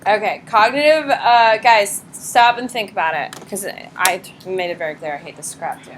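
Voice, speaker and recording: A woman teaching a high school psychology class, blunt and lively, acting out examples in quoted voices. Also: moderate pace, a little hiss or hum. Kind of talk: classroom lecture.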